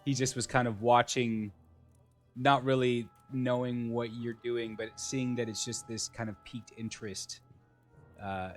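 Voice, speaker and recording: A man's voice: mid-range voice, flat delivery, measured pace, faint music behind. A young man running a tabletop game as game master, describing scenes hesitantly with many fillers.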